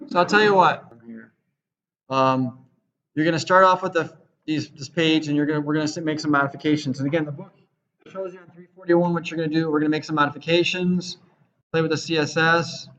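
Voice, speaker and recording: In a web design lecture, a man with a fairly high, fairly bright voice talks fairly quickly in a steady tone. He rambles conversationally and frequently acts out quoted lines, and the classroom recording sounds roomy and slightly dull.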